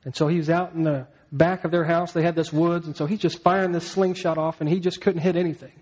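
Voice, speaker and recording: A man's voice: on the high side, flat delivery, fast talker, a little mellow, low-quality recording. A male pastor preaching a sermon, telling a story and asking the congregation questions.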